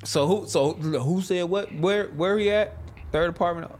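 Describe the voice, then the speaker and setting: A man in casual chat who reacts excitedly and jokes with the others. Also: sits high, unhurried, breathy edge.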